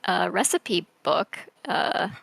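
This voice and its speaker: A woman's voice: fairly low pitch, expressive, creaky, fairly bright tone, no echo. Woman with a crackly voice chatting on a call, lots of ums. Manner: chatty, halting with fillers. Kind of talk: casual chat.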